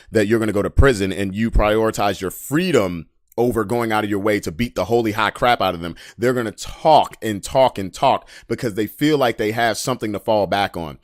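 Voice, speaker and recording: A man in his early thirties hosting a podcast, talking casually and bluntly, swinging from low mutters to loud mocking rants. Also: no echo, clean studio sound. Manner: blunt and profane, with short laughs. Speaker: podcast host reading memes. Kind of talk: casual live-stream commentary.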